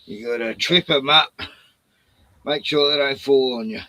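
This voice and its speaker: A man's voice: medium pitch, unhurried, bright, forceful tone, no echo, poor audio. An older man, hosting a casual stream chat, swearing freely and laughing through his anecdotes.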